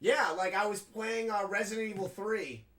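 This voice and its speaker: A man's voice: high-pitched, moderate pace, fairly bright tone. A man playing a video game and chatting casually, rambling and frank, with frequent swearing. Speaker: gaming streamer. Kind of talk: casual commentary while playing.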